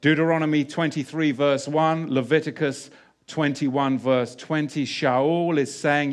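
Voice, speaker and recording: A man preaching a sermon, mixing loud emphatic bursts with quieter scripture reading, full of rhetorical questions and repeated phrases. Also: a little high, steady tone, a little slow.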